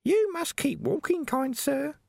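A man voicing a shrill, sweetly menacing old woman in an audiobook reading, in a falsetto with sing-song politeness. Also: expressive, measured pace, creaky, no echo, studio quality, full character voice. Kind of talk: audiobook character voice.

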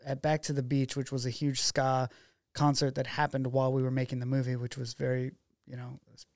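Gravelly-voiced man telling a story. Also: medium pitch, brisk, dry recording, clean studio sound. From Oregon. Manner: animated storyteller who acts out quoted dialogue. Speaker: documentary filmmaker guest. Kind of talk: casual storytelling interview.

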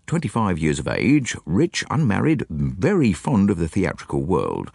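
A man voicing a condescending, persuasive male police inspector who recounts things in a brisk, matter-of-fact way in an audiobook. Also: lowish voice, gravelly, a little mellow, dry recording, clean studio sound, exaggerated voice. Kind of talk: audiobook character voice.

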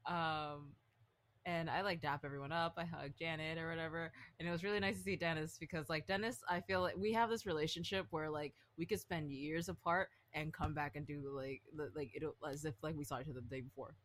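Twenty-something woman rambling thru a story, animated, tons of fillers. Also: deep voice, brisk, a little hiss or hum. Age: 20s. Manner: animated, filler-heavy, swears freely. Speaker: podcast co-host. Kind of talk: casual storytelling chat.

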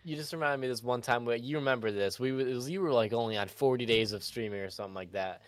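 A man's voice: mid-range voice, quick pace, no echo. A man chatting on a podcast, telling a laid-back story about playing games with friends. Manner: relaxed storyteller, mimics a friend yelling. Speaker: podcast co-host. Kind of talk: casual chat.

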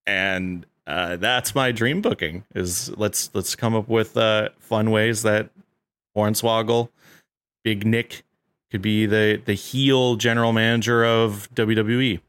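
A man with a fairly low voice chats casually on a podcast, rambling through his ideas with frequent fillers and restarts. The sound is close and dry. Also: fairly even intonation, slow, a bit bright, clear, resonant tone, dry recording. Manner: rambling, full of likes and restarts, laughs often. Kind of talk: casual chat.

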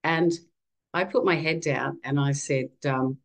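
A woman's voice: low-pitched, measured pace, rough recording. Candid Australian woman telling her story. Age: 50s. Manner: candid and animated. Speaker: guest. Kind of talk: conversational storytelling.

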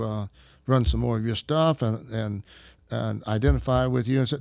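A man's voice: medium pitch, normal speed, a little mellow, no room sound. A man from Arkansas telling a story in casual conversation, chuckling as he goes. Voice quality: gravelly, laughs while telling stories.

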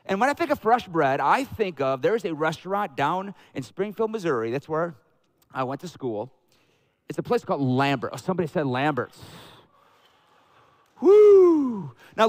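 High-voiced, animated Southern preacher. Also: male voice. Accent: Southern American. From American South. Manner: jokey, animated storytelling with bursts of loud excitement. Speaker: pastor. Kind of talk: sermon. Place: church sanctuary with a congregation.

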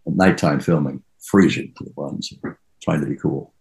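A man's voice: a bass voice, moderate pace, gravelly, darkish tone, poor audio. An older actor being interviewed, telling rambling anecdotes and trailing off as he reminisces.

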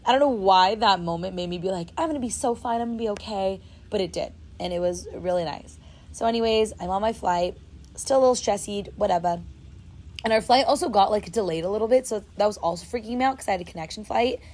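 A young adult woman talks fast in a medium-pitched, slightly mellow voice, telling a travel story as a storyteller vlogger. It's casual storytime, chatty and dramatic with lots of filler words, taking place outdoors and then indoors.

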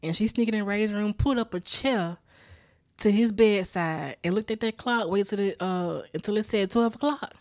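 A woman's voice: mid-range voice, normal speed, no echo, clean studio sound. A woman hosting a podcast, casually retelling a sitcom episode with lots of swearing and laughter, a little worn out. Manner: profane, laughs often, animated storytelling. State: tired after a rough weekend. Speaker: podcast host recapping a sitcom. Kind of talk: casual chat recap.

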